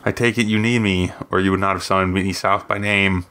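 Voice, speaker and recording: A man's voice: deep voice, steady tone, brisk, pushed and bright, smooth. A man reading as Lady Nasabron, a haughty noble witch. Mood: commanding. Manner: proud, cutting. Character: haughty older noblewoman wizard.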